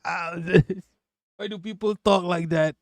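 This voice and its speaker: A man's voice: fairly high pitch, lively intonation, unhurried, dry recording, studio quality. A man hosting a live stream, ranting in a casual, profane and mocking way and laughing often. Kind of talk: casual reaction rant.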